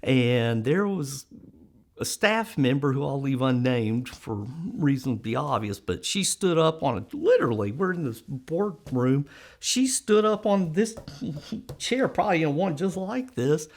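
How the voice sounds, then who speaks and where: Animated man telling stories. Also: fairly high pitch, a little slow. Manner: animated storyteller, acts out quoted voices, laughs often. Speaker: interviewee. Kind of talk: conversational storytelling interview.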